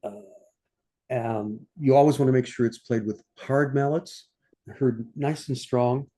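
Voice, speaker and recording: Older man, mellow, sings score lines. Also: medium pitch. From United States. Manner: sings orchestral lines in scat syllables between explanations; unhurried, thinking aloud with fillers. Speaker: conductor teaching a masterclass. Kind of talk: score-study masterclass talk.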